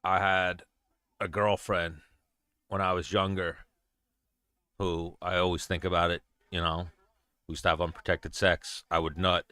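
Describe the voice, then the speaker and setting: Blunt, profane man with a deep voice. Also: level tone, measured pace, long pauses, sharp tone, smooth, dry recording, clean studio sound. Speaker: show host. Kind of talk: casual livestream chat.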